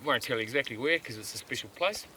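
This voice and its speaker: Chatty hunter outdoors on a mountain. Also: male voice, mid-range voice, fast, slight background noise, low-quality recording. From Australia. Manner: relaxed, chatty, lots of filler words. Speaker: hunter filming a hunt. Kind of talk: casual on-camera hunting vlog.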